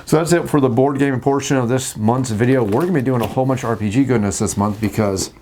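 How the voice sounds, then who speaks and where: A man hosting a casual talk about tabletop games, jokey and animated, acting out scenes at the table. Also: medium pitch, fast talker, a little hiss or hum. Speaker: host.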